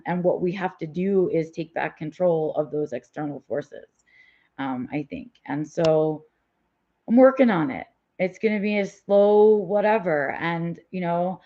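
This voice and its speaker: A woman's voice: lowish voice, darkish tone. A woman live-streaming a candid personal vlog, rambling with fillers and restarts, while fighting a migraine. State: has a migraine. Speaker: vlogger. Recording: dull lo-fi audio.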